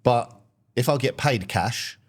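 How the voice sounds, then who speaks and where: A man's voice: mid-range voice, slow. A young man, hosting a casual comedy podcast and telling everyday stories in a laid-back way, full of slang. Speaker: podcast host.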